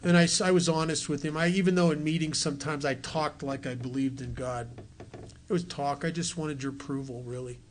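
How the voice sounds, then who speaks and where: A man's voice: a little high, steady tone, a little fast, slight background noise. A man giving a folksy story talk at a recovery retreat, acting out the voices of the people he quotes.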